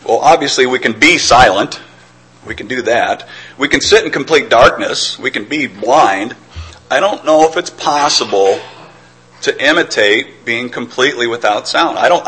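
Husky-voiced man preaching a sermon. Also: medium pitch, pushed and bright, rough recording. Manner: earnest, reflective, with stammered restarts.

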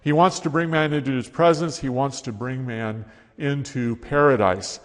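Male preacher, steady expository delivery, long hall reverb. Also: mid-range voice, normal speed. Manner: steady expository preaching, reading scripture aloud with rising emphasis. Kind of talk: sermon.

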